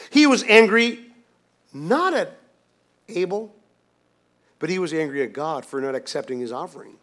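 A man preaching a sermon as pastor, swinging from hushed, quiet lines to loud, emphatic ones, with many restarts. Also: sits high.

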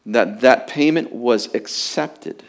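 A male pastor delivering a sermon at an unhurried, deliberate pace. He leans hard on key words with real urgency, then drops to a hushed near-murmur before building back up. His voice sits at an ordinary middle pitch. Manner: emphatic preaching, swinging between loud urgency and hushed quiet.

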